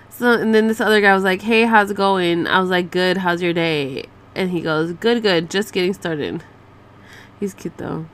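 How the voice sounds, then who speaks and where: Thirties woman vlogger, sarcastic and profane, mid-pitched, casual rant energy. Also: fairly bright tone. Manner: sarcastic, profane, mixes in Spanish slang.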